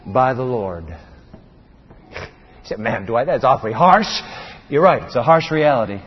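A middle-aged male pastor preaching an impassioned sermon, often repeating words and restarting sentences. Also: medium pitch. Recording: reverberant, dull lo-fi sound.

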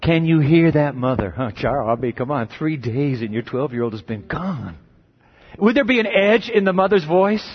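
A man preaching with a fairly high voice. He talks like a conversation, tossing questions to his listeners and swinging from quiet to loud. The recording is dull and muffled. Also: normal speed, husky. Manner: lively, conversational, asks the congregation questions. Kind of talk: sermon.

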